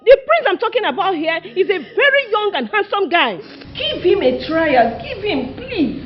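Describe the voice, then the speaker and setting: Brief: high, expressive Nigerian mother, pleading, over soft score in dull film sound. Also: moderate pace, slight background noise. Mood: coaxing. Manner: coaxing, pleading, insistent. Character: doting pushy royal mother, middle-aged woman. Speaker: mother of a princess. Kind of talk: film drama acting. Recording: slightly dull film audio, faint music.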